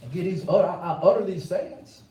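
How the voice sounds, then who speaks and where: Echoey, mellow-voiced male preacher. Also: high-pitched, fairly quick, distant mic, lo-fi sound. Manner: rhythmic, colloquial preaching with repeated phrases. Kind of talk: sermon.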